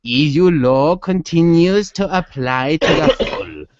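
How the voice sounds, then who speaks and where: A man's voice: fairly high pitch, slow, no echo. A man putting on a German accent to voice a stiff male official reading a formal statement in a mock-solemn way. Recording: dull dry sound.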